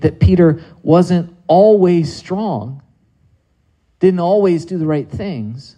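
A man's voice: a little high, warm tone, low-quality recording. A man preaching a sermon in a conversational way, with many rhetorical questions to his listeners.

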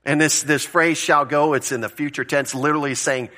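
A man's voice: on the high side, steady tone, a little fast, sharp tone. A male pastor giving a conversational sermon, explaining word meanings and asking rhetorical questions, with the odd chuckle.

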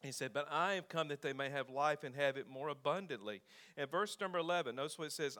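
A male pastor preaching a sermon in a relaxed, conversational way, reading scripture aloud between remarks. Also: on the high side, brisk.

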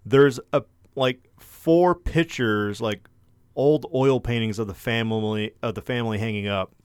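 A man's voice: mid-range voice, measured pace, darkish tone, clear, resonant tone, no echo, studio quality. A young man co-hosting a podcast, telling a story in casual, profanity-heavy chat. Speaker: podcast co-host.

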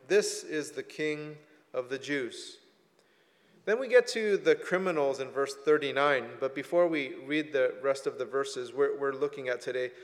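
Male pastor, sermon delivery, reflective with emphatic scripture quotes, hall reverb. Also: medium pitch.

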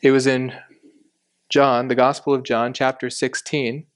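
Man giving a measured Bible lesson. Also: medium pitch, little pitch movement. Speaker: Bible teacher. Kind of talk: expository sermon.

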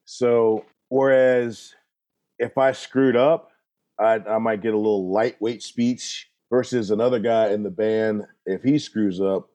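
A middle-aged man speaks in a low register, his voice dark and mellow. He is a drummer and guest in an interview, laid-back and folksy, and he drifts into easy anecdotes. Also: steady tone, unhurried. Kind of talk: relaxed storytelling interview.

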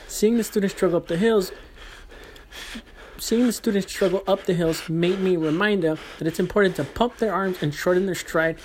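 A man, a running coach, reads an earnest recap of a team race in a steady voice. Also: sits high, a little hiss or hum. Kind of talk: scripted narration.

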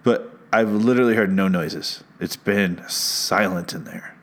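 A man's voice: low voice, unhurried, fairly bright tone. Rambling, sarcastic man hosting a podcast. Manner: rambling, sarcastic, self-mocking. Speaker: podcast host. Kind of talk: comedic podcast monologue. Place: podcast studio. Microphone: studio mic with headphones.

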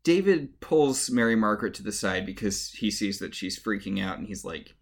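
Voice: sits low, lively intonation, normal speed, hardly any pauses. A podcast co-host recapping a show in casual chat, wry, mocking the characters in little put-on voices. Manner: wry, mock-voices characters when retelling.

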